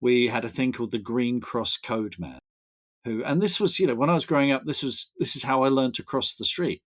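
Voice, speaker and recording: A man's voice: mid-range voice, fairly quick. A man, chatting as a podcast guest, enthusiastic and rambling with frequent restarts. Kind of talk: casual chat.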